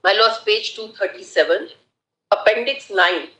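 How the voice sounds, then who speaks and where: A woman making a formal, deliberate argument to a court as an advocate. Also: mid-range voice, fairly bright tone. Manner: deliberate, formal, addresses the bench as my lords. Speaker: advocate arguing before the court. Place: large courtroom. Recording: roomy courtroom sound.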